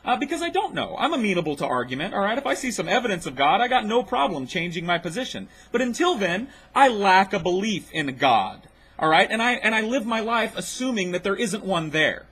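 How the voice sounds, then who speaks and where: A man's voice: high-pitched, big pitch swings, fairly quick, a bit bright, slightly rough. A man hosting his own video, rebutting a clip with a blunt, mocking, profane rant. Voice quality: blunt, mocking, swears freely.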